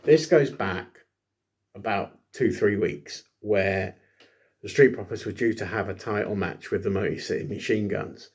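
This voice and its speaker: A man talks through a wrestling recap on his own, in a fairly low voice. He rambles, fills gaps with ums, and makes little jokes at his own expense as he goes. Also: unhurried, husky. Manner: rambling, self-deprecating, many ums and asides. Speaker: wrestling show reviewer. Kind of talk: casual solo recap.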